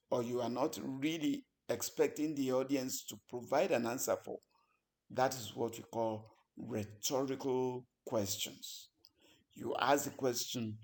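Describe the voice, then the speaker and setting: Male instructor, unhurried lecture delivery, measured pauses, mid-pitched voice. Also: darkish tone. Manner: deliberate, pausing between phrases. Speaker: public speaking instructor.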